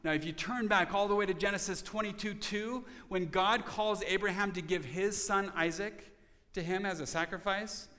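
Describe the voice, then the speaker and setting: A man preaching a sermon as pastor, earnest, dropping to soft tones for emphasis. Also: sits high, normal speed, in a large hall.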